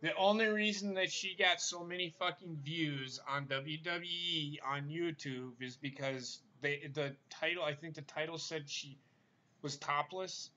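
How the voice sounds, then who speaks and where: A man's voice: a little high, steady tone, a little slow, bright, forceful tone, highs cut off. A man hosting a casual wrestling talk show, blunt and profane, who stammers as he starts a point. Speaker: podcast host.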